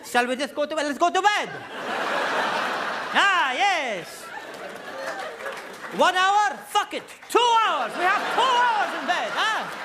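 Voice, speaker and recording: A man putting on a giddy foreign man who loves naps, shouting gleefully. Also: very high-pitched, sing-song, takes it slowly, pauses often, over a noisy crowd, very noisy, voice pushed up, exaggerated voice. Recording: live stage recording, loud ambience.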